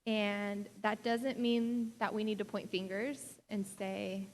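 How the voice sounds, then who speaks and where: A woman's voice: medium pitch, level tone, takes it slowly, big-room sound, a little hiss or hum. A young adult woman pastor giving a sermon in a casual, chatty way, full of "like" and small laughs. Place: church sanctuary.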